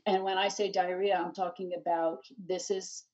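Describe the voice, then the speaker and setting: A middle-aged woman telling her story in an interview, animated and rambling, full of restarts and "you know.". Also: on the low side, moderate pace. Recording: distant dull lo-fi mic.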